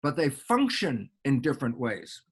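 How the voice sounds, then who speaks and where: Animated American man explaining science. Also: medium pitch, moderate pace, husky. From United States. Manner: animated, acts out little dialogues. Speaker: guest biologist. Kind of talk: explanatory interview answer.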